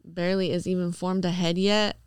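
A woman's voice: fairly low pitch, level tone, a little fast, clean tone, dry recording, studio quality. A woman talking bluntly in a casual podcast chat, swearing freely and laughing easily. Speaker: new podcast member.

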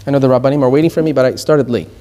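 A man's voice: mid-range voice, fairly even intonation, very fast, mellow. A middle-aged man from Iran giving a Torah lecture as a teacher, emphatic, repeating his key points and drifting into anecdotes.

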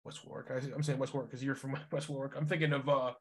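A man from Rhode Island hosting a casual chat, reacting loudly and with animation. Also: mid-range voice, little pitch movement, quick pace, husky.

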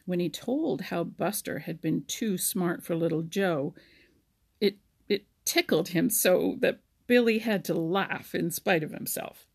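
A woman's voice: on the low side, unhurried, gravelly, slightly rough. A woman reading a children's animal storybook aloud, with small slips and restarts. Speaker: narrator.

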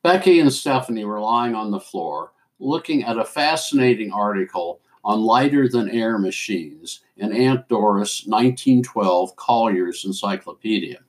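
A man hosting a show and reading a story aloud in a measured, deliberate way. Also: fairly low pitch, animated. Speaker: host and story reader.

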